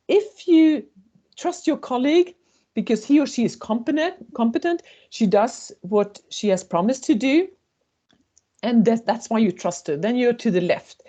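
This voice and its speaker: A woman leads a webinar on intercultural communication. Her voice is mellow and her intonation is animated. She tells short stories and slips into the voices of the people in them. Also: a little high. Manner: storytelling, acting out quoted voices. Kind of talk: webinar presentation.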